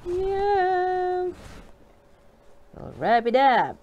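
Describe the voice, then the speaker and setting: Slow, cheerful woman eating on camera. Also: fairly high pitch, very animated, highs cut off, a little hiss or hum. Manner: cheerful, giggly, addresses viewers as guys. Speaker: mukbang vlogger. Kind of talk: casual mukbang chat while eating. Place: home kitchen.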